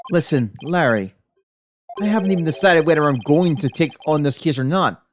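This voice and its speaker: A woman voicing a tired man lawyer in a game, low and deadpan with sighs. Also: moderate pace, slight background noise. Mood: weary.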